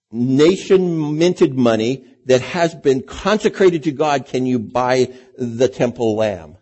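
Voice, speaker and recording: A man's voice: mid-range voice, mellow. A man preaching a sermon in a conversational way, asking his listeners rhetorical questions.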